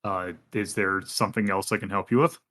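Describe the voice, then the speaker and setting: Evasive shop clerk voiced by a man, low voice, halting and wary. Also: fairly even intonation, a bit bright. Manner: hesitant, evasive, full of hedges. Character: guarded, wary record-shop clerk with gang ties. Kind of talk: voicing a character in a tabletop game.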